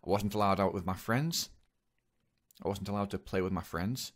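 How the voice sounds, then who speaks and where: A young male vlogger speaks in a low voice through a personal confession. He hesitates a lot, his words coming out in halting bursts with many restarts.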